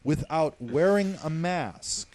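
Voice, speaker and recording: A man, a hospital security guard, telling stories casually on a talk show, profane and animated, leaning on the word basically. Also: fairly high pitch, slow pace. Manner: profane, animated storyteller, many fillers like "basically".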